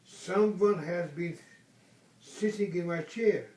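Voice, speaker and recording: Older man reading as a loud papa bear from a bedtime storybook, slow, echoey room from across it. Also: high voice, distant mic. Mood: indignant. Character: big gruff papa bear.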